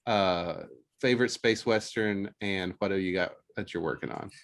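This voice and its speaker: A man's voice: low voice, normal speed. A man hosting a podcast round table, easygoing and laughing often. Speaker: podcast host. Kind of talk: casual round-table chat.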